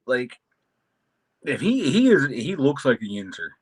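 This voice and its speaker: A man co-hosting a casual sports chat, speaking haltingly with restarts. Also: medium pitch, huge pitch swings, husky, no room sound. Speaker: podcast co-host.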